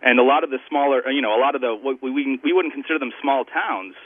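A man's voice: medium pitch, fast, dry recording. A man calling in to a radio show to ask a question, hesitant and restarting as he talks. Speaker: caller, local cartoonist. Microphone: telephone. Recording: tinny phone line, dry.

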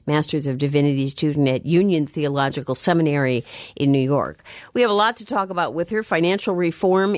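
Woman radio host, deep voice, dry close studio mic, calm and measured. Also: no echo. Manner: measured, clear, repeats contact details slowly. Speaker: radio talk show host. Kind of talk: public radio call-in interview. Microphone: studio microphone.

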